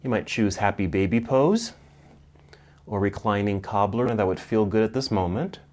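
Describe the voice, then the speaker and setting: A middle-aged man teaching a yoga class, calmly cueing poses and breaths, slightly out of breath. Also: on the low side, moderate pace. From United States. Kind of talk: guided yoga class instruction.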